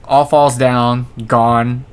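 A man's voice: mid-range voice, level tone, drawn-out words, smooth. A young man co-hosting a podcast in casual banter, teasing his friend and swearing offhandedly. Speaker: podcast co-host.

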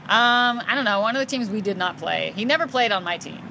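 A woman's voice: on the high side, expressive, fast talker, vocal fry, background noise. A woman from the United States co-hosting a podcast, telling stories in a candid, joking casual chat and laughing often. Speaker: podcast co-host.

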